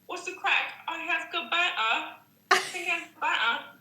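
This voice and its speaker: A woman's voice: very high voice, moderate pace, sharp tone, voice pushed up, full character voice. A woman doing an exaggerated British accent as a flirty reality-show contestant, heard over an echoey video call. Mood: playful. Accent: put-on British, exaggerated. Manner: playful over-the-top impression.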